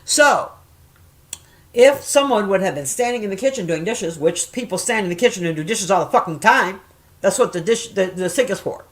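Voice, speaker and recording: A middle-aged woman chatting casually and telling stories, swearing often and jumping loud when she acts out quoted voices. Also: mid-range voice, moderate pace. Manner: profane, animated, acts out quoted voices loudly. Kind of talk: casual storytelling chat.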